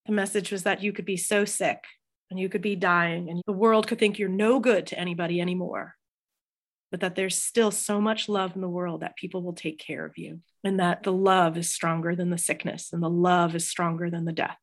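A middle-aged woman, a hospice chaplain, telling stories in an interview with emphatic, animated delivery and frequent fillers. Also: mid-range voice, fairly quick. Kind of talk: conversational storytelling interview.

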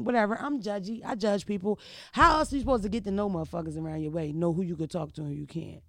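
A woman's voice: medium pitch, creaky, no echo, studio quality. A woman in her thirties, a vlogger, telling stories in a blunt, profane, casual way and often checking in with the listener. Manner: blunt, profane, keeps asking "you know what I mean". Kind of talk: casual storytelling chat.

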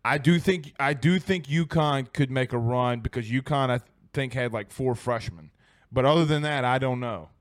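A man's voice: medium pitch, moderate pace, dry recording, studio quality. A man hosting a casual sports talk stream, joking and laughing easily. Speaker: sports show host.

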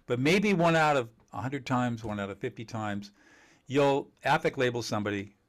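A man teaching communication skills in an interview, emphatic and animated, laughing often and acting out quoted dialogue. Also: mid-range voice, normal speed. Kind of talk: conversational interview.

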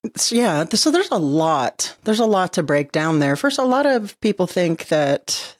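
Podcast host, mid-pitched voice, dry close sound, engaged interviewer. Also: big pitch swings, unhurried, no room sound. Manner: engaged, reacting with short affirmations. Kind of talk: interview conversation.

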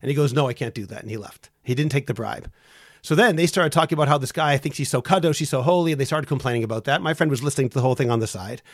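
A man hosting a podcast tells a story with earnest, steady conversational delivery. His voice sits at an ordinary middle pitch. The recording is dry and close, with no room echo. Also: very fast. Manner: earnest, storytelling with acted quotes. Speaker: podcast host.

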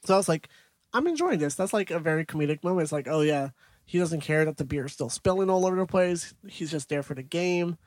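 A man's voice: a little high, fast, darkish tone, dry recording. A young man co-hosting a movie podcast, recapping scenes in detail in casual chat. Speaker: podcast co-host.

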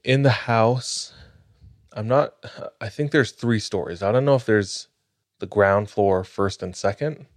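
A man hosting a podcast, telling a spooky story in a measured, dramatic way. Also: lowish voice, no room sound, clean studio sound. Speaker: podcast host.

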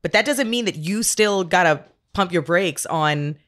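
A woman's voice: on the low side, animated, measured pace, a bit bright, dry recording, studio quality. A woman co-hosting a podcast, chatting casually in a frank, joking way with slang. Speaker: podcast co-host. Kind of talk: casual chat.

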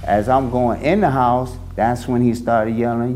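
A man with a warm, mellow voice tells his own story. He talks in an animated way, slipping into the voices of the people in it. Faint music sits under his words. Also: medium pitch, measured pace. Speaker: interviewee recounting his past. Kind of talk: first-person storytelling.

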